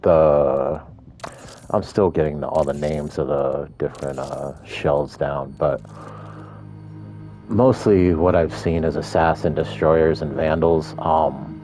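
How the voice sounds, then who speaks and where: A man's voice: rumbling low, fairly even intonation, takes it slowly, warm tone, soft background music. A man giving casual gameplay commentary in a groggy morning voice, rambling along with frequent ums.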